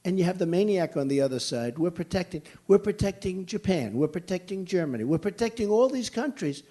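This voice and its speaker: An older American presidential candidate fields questions at a rally in a large indoor venue. His voice is high, a little above the usual male range, animated and fairly quick with a dark tone. He answers bluntly and emphatically, circling back to the same phrases.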